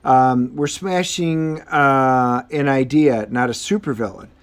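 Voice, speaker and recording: A man's voice: mid-range voice, takes it slowly, smooth, natural voice. A man voicing a weary, wry retired superhero while reading comic dialogue aloud in a casual, offhand way.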